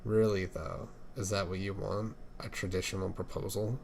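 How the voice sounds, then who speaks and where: A man's voice: low-pitched, level tone, moderate pace, creaky, slight background noise. A man reading the lines of an affectionate, teasing adult male figure skater in a fan fiction, in a fond, playful way.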